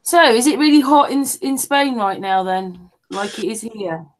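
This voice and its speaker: A woman's voice: a little high, lively intonation, moderate pace, poor audio. A woman hosting a casual online chat, curious and asking guests lots of questions. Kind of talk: casual group call chat.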